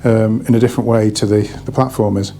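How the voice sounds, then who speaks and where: Mellow, husky man, a bit breathless. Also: on the low side, steady tone, fast talker. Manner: rambling, chatty, many restarts. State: slightly out of breath. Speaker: hi-fi dealer reviewing products. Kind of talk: casual product review.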